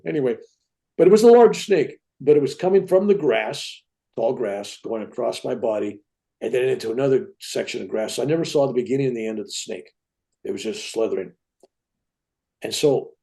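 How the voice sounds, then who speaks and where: A man in his seventies, a guest telling a personal story in an animated way, often tagging his sentences with "right?". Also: medium pitch. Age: 70s. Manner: animated, tag questions like "right?".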